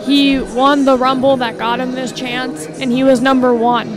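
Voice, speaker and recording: A female commentator offers an even-toned prediction for a wrestling match. Her voice is high yet barely varies in pitch. Crowd noise and music are clearly heard behind her. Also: normal speed. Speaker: color commentator.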